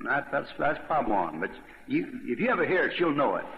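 A man's voice: mid-range voice, very animated, fast. A man preaching a verse-by-verse Bible sermon in a conversational, rambling way, with asides and questions to his listeners. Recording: dull lo-fi recording in an echoey hall.

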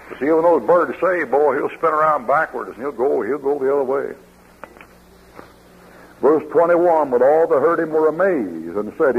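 A man's voice: a little high, husky. A man preaching a sermon, telling folksy stories and reading scripture aloud. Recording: dull lo-fi old radio broadcast.

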